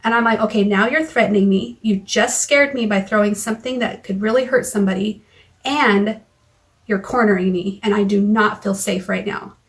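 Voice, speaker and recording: Speaking directly to her phone in a car or at home, a vlogger recounts a scary argument with stops and restarts, quoting what each person said back and forth. The vlog feels raw and personal, and her voice is of medium pitch.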